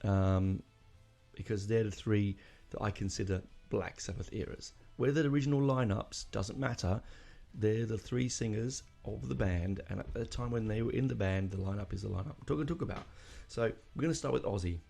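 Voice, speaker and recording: A man's voice: on the low side, a little fast, gravelly, dark tone. A man hosting a casual music podcast, rambling and emotional, with lots of fillers and restarts. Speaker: podcast host.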